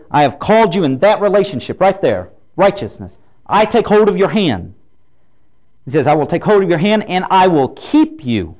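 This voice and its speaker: Preacher guy, folksy and joking, kinda high voice. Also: darkish tone. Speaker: pastor. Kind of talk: sermon.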